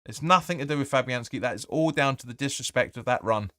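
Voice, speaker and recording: Blunt, sweary football fan host. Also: male voice, mid-range voice, quick pace, pushed and bright, dry recording, clean studio sound. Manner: blunt and opinionated, swears, reads viewer comments aloud. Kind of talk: live match watch-along commentary.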